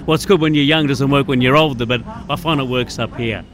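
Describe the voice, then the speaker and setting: A man who works as a train station announcer, speaking in a casual interview in a shy but animated way and laughing easily, recorded on an outdoor station platform. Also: medium pitch, fairly quick, a crowd in the background. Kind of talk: casual interview, with bits of singing.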